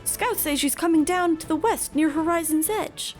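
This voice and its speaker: A panicked young soldier yells a report of an attack in a high, strained voice, as a woman acts him out. The words rise sharply and come out loud. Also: normal speed, faint music behind. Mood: alarmed.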